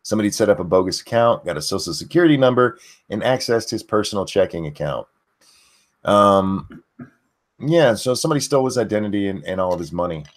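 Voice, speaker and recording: A man co-hosting a casual news livestream, talking haltingly with many fillers. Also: on the low side, animated. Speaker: co-host.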